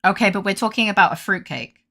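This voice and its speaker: Gravelly bright-voiced woman streamer. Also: mid-range voice, expressive, quick pace. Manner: playful, sarcastic, swears casually. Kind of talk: casual gameplay commentary.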